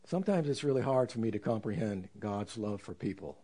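A man preaching a sermon in an earnest, reflective way, slowing down to stress scripture. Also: lowish voice, expressive, warm tone. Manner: earnest, reflective, with slow emphatic scripture quotes.

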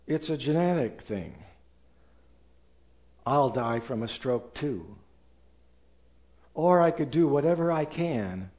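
A man's voice: mid-range voice, darkish tone. A man preaching a sermon as pastor, acting out doubters and angry people in quoted voices.

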